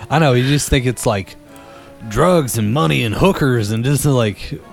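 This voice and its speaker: A man's voice: mid-range voice, creaky. A young man in casual chat, telling a story with lots of swearing and acting out the voices of the people in it. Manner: animated, swearing, acts out quoted voices.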